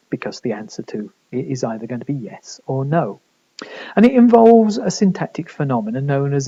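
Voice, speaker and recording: A male lecturer talks through his material in a measured, explanatory way, often posing questions and answering them himself. His voice is dark and mellow. The recording is dull and lo-fi. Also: medium pitch. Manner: measured explanatory delivery with rhetorical questions and fillers.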